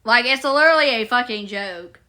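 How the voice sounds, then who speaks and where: Giggly woman chatting with her live audience, high and bright. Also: expressive, fairly quick. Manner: playful and giggly, chatting with viewers. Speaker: live streamer. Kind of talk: casual live-stream chat.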